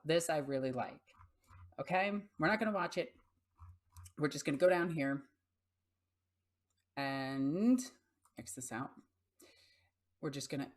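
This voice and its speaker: Blunt, profane woman gaming host. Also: sits low. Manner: blunt and profane, talks baby talk to her cat. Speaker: YouTube host. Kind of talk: casual gaming commentary.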